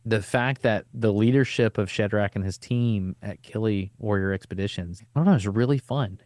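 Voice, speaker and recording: Casual podcast storyteller: middle-aged man, low-leaning voice, dry close sound. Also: no echo. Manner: animated, laid-back storyteller with casual slang. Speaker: podcast host.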